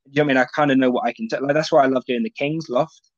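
A man's voice: mid-range voice, steady tone, rapid-fire, dry recording. Male comic, podcast guest, rambling and sweary, muffled dry lo-fi take. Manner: rambling, lots of fillers and restarts, sweary. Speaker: stand-up comedian, guest. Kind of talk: casual podcast chat.

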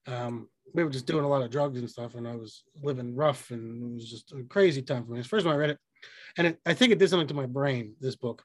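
A man's voice: mid-range voice, fast talker, no room sound. A young man co-hosting a podcast, rambling and joking in casual chat, swearing freely. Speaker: podcast co-host.

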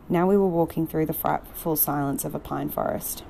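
A woman narrating a novel in a measured, unhurried way. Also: low voice, fairly even intonation, gravelly, warm tone, a little hiss or hum, low-quality recording. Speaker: audiobook narrator. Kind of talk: novel reading.

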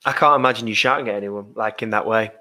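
A man's voice: fairly low pitch, fast talker, bright, forceful tone. A man hosting a podcast interview, often stumbling, repeating and restarting his words. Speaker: podcast host, business owner. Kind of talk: casual interview chat.

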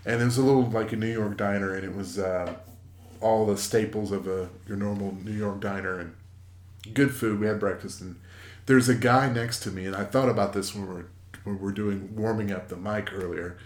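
A man in his forties with a fairly low voice rambles through a casual story, stopping and restarting often. He is recorded in an echoey room. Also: steady tone. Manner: rambling, halting, many fillers and restarts. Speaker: podcast co-host.

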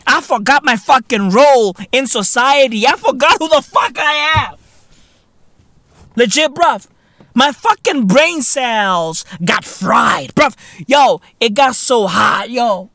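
A man's voice: extremely high pitch, slow, sharp tone, no echo, clean studio sound. A man from South Africa hosting a podcast, in a profane, slangy comedic rant that keeps calling the listener "bruv". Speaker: podcast host.

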